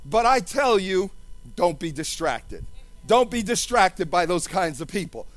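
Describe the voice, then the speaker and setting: A man's voice: high-pitched, very animated, a little slow, faint music behind. A man preaching a sermon with fervent, sing-song delivery and repeated hallelujahs.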